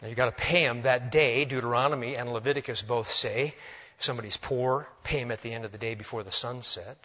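A man preaching a sermon, swinging between loud emphasis and hushed, humorous asides. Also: mid-range voice, fairly even intonation, fast talker. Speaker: pastor. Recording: dull lo-fi recording.

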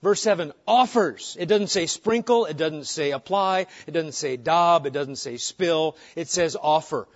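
A man's voice: a little high, a little slow, hardly any pauses. Preaching man, muffled lo-fi recording. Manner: animated preaching, rhetorical questions, drops to soft pleading. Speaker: pastor. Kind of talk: sermon. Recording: muffled lo-fi sound.

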